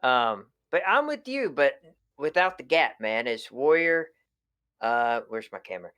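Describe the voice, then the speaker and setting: A man co-hosting a live stream in casual chat, thoughtful and hesitant, pausing with frequent ums. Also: mid-range voice, sing-song, fairly bright tone, clear, resonant tone. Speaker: co-host.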